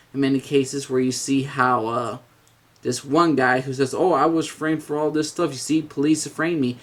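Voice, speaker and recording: Man, casual video review, rambling, lots of ums and restarts, blunt, mid-pitched voice. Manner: rambling, hesitant, with many fillers and restarts; blunt, mild swearing.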